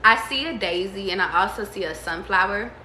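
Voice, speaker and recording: A woman reads tarot in a loose, casual way, full of slang and cursing. Her voice is bright and sharp. She breaks into excited squeals, and the room adds a noticeable echo. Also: medium pitch, fairly quick, a little hiss or hum. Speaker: tarot reader.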